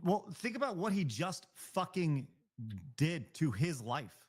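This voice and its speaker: A man's voice: on the high side, big pitch swings, slow pace, darkish tone, slightly rough. A male live stream host giving blunt, profane, heated reaction commentary.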